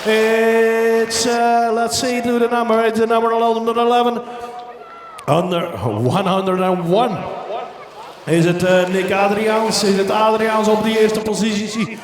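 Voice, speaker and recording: A man's voice: high-pitched, fairly even intonation, measured pace. A man announcing a BMX race live, calling riders in several languages with frequent hesitations. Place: outdoor BMX race track. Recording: echoey PA sound heard from far off, crowd noise.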